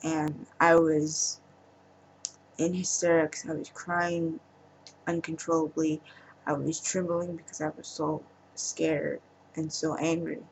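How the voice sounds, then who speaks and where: A woman speaking in a personal vlog monologue, halting and emotional, trailing off with pauses. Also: low-pitched, little pitch movement, slight background noise, poor audio. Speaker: vlogger.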